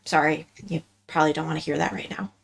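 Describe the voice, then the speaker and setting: An apologetic young woman rushes through her words, as a woman puts her on. Her voice is fairly low. It is a tabletop game character. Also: steady tone, creaky, breathy edge, exaggerated voice. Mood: anxious.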